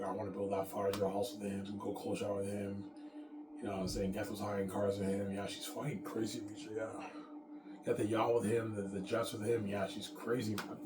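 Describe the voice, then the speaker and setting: A vlogger with a lowish voice delivers a rambling, boastful, profane monologue, repeating himself as he goes. He is recorded in an echoey room with music playing in the background.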